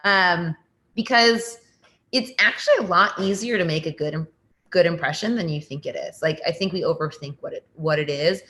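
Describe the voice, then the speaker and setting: A woman's voice: fairly low pitch, normal speed, bright, forceful tone, a little hiss or hum. A woman speaking as a workshop guest, giving advice casually and peppering her talk with "like". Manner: casual, many fillers like "like".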